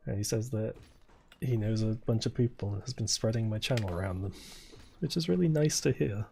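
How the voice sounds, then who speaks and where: Quiet, low-voiced young man chatting. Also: a little fast, vocal fry, faint music behind. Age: 20s. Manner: quiet, low-key and soft-spoken. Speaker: streamer. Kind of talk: casual chat while gaming.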